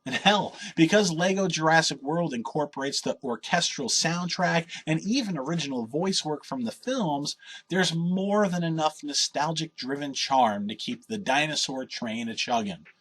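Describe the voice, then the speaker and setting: A man's voice: a little high, normal speed, a bit bright, husky. A man reading a scripted video game review in an opinionated, wry and sardonic way.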